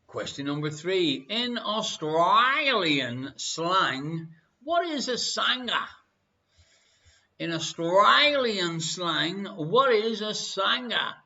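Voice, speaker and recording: A man with an Irish accent hosting a live online quiz, playful and repeating each question slowly. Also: high-pitched, sing-song, sharp tone, dull audio. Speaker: quiz host.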